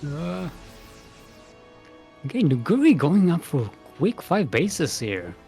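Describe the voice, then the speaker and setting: A man's voice: on the high side, sing-song, slow, gravelly, dark tone, faint music behind. A man commentating a live strategy game match in a casual, playful way, often laughing and joking between play calls. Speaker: esports caster.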